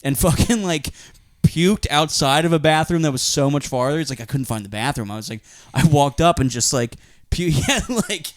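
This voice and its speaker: A man's voice: fairly high pitch, animated, normal speed, no echo, studio quality. Rambling storytelling Philly-area man. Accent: Philadelphia area. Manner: rambling storyteller, laughs often, acts out quotes. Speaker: podcast co-host. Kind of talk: casual chat.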